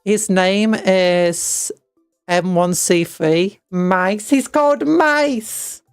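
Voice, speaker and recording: A woman's voice: mid-range voice, extremely slow, smooth, no room sound, clean studio sound, faint music behind. A British woman streaming a game, reading upgrades aloud and making jokey asides. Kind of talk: casual gameplay chat.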